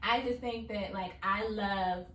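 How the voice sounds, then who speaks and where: A woman's voice: mid-range voice, fairly even intonation, measured pace, fairly bright tone. A woman co-hosting a podcast with her partner, chatting casually and laughing easily. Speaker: podcast co-host. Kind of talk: casual chat. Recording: roomy echo, distant mic, faint noise.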